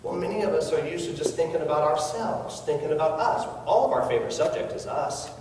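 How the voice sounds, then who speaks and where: A man's voice: fairly high pitch, fast talker, background noise. A man giving a motivational network marketing talk, earnest and coaxing, asking his audience questions. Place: large hall with an audience. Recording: echoey hall recorded from far off.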